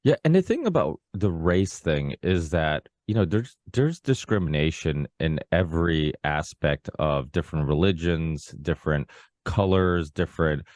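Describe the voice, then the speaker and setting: A man's voice: a bass voice, expressive, normal speed, darkish tone, no echo, studio quality. A man hosting a podcast, talking in a rambling, casual way with many restarts and asides. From Portuguese background. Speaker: podcast host. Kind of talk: casual conversation.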